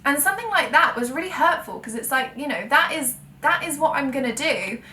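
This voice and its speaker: A woman's voice: sits high, animated, brisk, bright, forceful tone. A young woman, chatting frankly to camera as a full-time blogger, self-correcting and laughing at her own word slips. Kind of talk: frank sit-down chat to camera. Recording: echoey room, mic at a distance, faint ambient noise.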